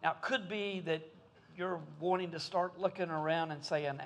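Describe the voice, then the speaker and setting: Folksy pastor, higher voice. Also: male voice, fairly even intonation, moderate pace, a little hiss or hum. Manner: folksy, conversational. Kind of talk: sermon.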